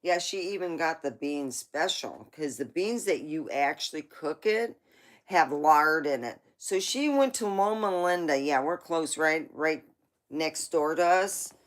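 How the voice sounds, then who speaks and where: A woman's voice: low voice, lively intonation, a little slow. A woman hosting a livestream, telling rambling family stories in a chatty way with asides. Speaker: livestream host. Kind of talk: casual storytelling.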